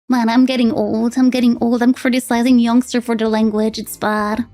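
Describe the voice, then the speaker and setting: A woman's voice: a little high, flat delivery, normal speed, hardly any pauses, darkish tone. A woman with a French accent chatting casually with her live-stream chat, giggling often as she reads and answers messages. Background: faint background music.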